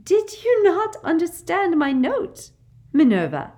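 Sugary, simpering witch official, squeaky high voice, honeyed and faux-polite, swooping storybook reading. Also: wildly swooping pitch, takes it slowly, warm tone, exaggerated voice. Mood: simpering sweet. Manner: falsely sweet, faux-polite. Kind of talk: audiobook character voice.

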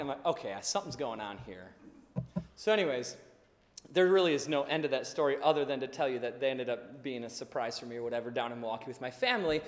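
A higher-pitched male pastor preaching in a hall, his voice trailing off into a long reverb. He tells his story with animated energy, jumping into the voices of the people in it. He drops low and quiet for the serious points. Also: fast. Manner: animated storytelling, acts out dialogue, laughs along. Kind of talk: sermon with storytelling.

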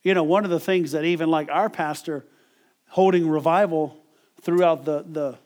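A man's voice: on the high side, fairly even intonation, normal speed, a little mellow. A middle-aged man preaching a conversational sermon, often repeating words and chuckling as he talks.

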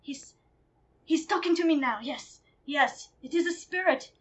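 A woman's voice: sits high, dull audio. A woman voicing a theatrical old psychic medium in an improvised comedy bit. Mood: mystical. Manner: hammy, slow, mystical pronouncements.

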